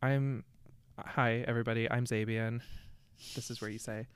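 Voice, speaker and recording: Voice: medium pitch, steady tone, moderate pace, clean tone, dry recording. A young adult co-hosting a casual podcast with playful banter and dramatic, jokey delivery. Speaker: podcast co-host.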